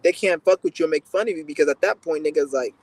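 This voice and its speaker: A man's voice: on the high side, fast, no echo. A young man hosting a livestream, answering questions in a blunt, profane, rambling rant with frequent stammering restarts. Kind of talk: casual ranting chat.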